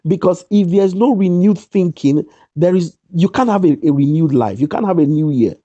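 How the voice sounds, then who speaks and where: A man's voice: high-pitched, moderate pace, dark tone, dry recording, dull audio. A man giving an emphatic motivational talk, repeating his key lines over a video call. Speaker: guest speaker.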